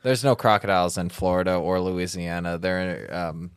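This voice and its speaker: A man chatting casually as a guest, with deadpan jokes and puns. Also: low-pitched, normal speed, clear, resonant tone, no echo, studio quality. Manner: deadpan, joking. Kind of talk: casual chat.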